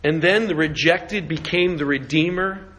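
A middle-aged man preaching a sermon, moving between slow, emphatic lines and quick asides, and acting out characters in hushed voices. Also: a little high, low-quality recording. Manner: acts out voices of the brothers in hushed tones. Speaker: pastor.

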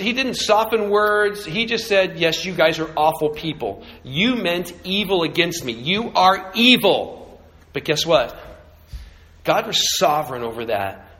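A middle-aged man preaching a sermon, moving between slow, emphatic lines and quick asides, and acting out characters in hushed voices. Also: on the high side, poor audio. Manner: acts out voices of the brothers in hushed tones. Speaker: pastor.

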